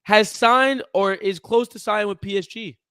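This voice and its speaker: A man's voice: high voice, moderate pace, clean tone, no room sound, clean studio sound. A man co-hosting a podcast, chatting casually and animatedly about sports, with lots of fillers and jokes. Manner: animated, jokey, hesitant with fillers. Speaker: podcast co-host.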